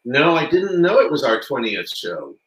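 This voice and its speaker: A man hosts a children's music stream from home, chatty and a bit halting. His pitch moves around a lot, and the room gives his voice a noticeable echo. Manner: chatty, lively, slightly halting. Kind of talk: children's livestream hosting.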